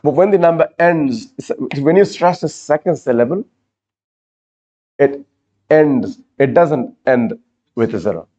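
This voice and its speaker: A man's voice: on the high side, lively intonation, a little slow, pauses often, warm tone, muffled recording. A man teaching an exam-prep class, repeating key words and explaining step by step. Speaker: IELTS teacher. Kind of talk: classroom lecture.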